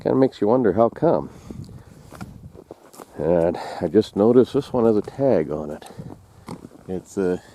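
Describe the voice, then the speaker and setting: A man's voice: lowish voice, expressive, unhurried, pauses often, dark tone, slight background noise. A man casually narrating outdoors in the snowy woods, folksy and rambling with lots of fillers. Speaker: outdoors vlogger and trapper. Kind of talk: casual walk-and-talk narration and joke telling.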